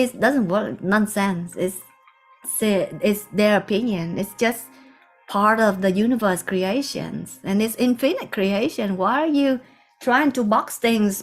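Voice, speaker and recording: Soft-spoken woman telling a spiritual story. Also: fairly high pitch. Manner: soft-spoken, meandering, with hushed asides. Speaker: spiritual teacher.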